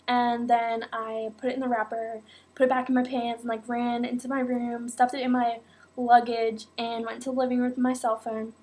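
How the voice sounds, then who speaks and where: A young woman vlogger telling a personal story in a casual, animated way, full of "like" and "oh my God". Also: on the high side, moderate pace. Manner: animated, acts out quotes, many fillers like "like" and "oh my God".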